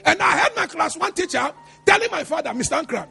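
A man preaching a fervent sermon, often shouting and slipping into a sing-song cadence. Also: extremely high pitch, expressive, fairly quick, vocal fry, in a large hall, soft background music. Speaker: pastor.

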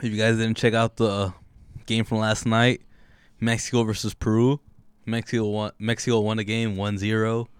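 A young man with a smooth, low voice chats easily on a podcast. He tosses in short, profane replies. The sound is dry and close to the mic. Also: little pitch movement, moderate pace, no room sound. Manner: laid-back, profane, brief replies. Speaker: podcast co-host. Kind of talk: casual podcast banter.

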